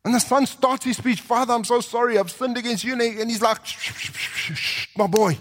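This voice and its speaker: A man preaching a sermon, telling the story with animated delivery and acting out the characters' voices. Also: very high-pitched, fast. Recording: long hall reverb.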